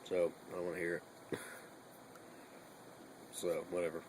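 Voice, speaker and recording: A man's voice: low voice, monotone, a little slow, noisy background. A young man chatting casually in a bedroom vlog, rambling and swearing a lot between fillers. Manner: rambling and profane, with many fillers.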